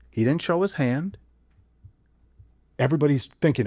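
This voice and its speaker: A man on a podcast delivering an intense monologue. He asks rhetorical question after rhetorical question and swings from low muttering to loud exclamations. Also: lively intonation, a little slow, dry recording, studio quality. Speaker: podcast guest.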